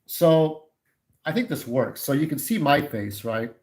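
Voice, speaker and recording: A man's voice: a little high, lively intonation, measured pace, darkish tone, rough recording. A man in his forties chatting casually on a livestream, candid and opinionated, talking straight to his viewers. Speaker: YouTube livestreamer.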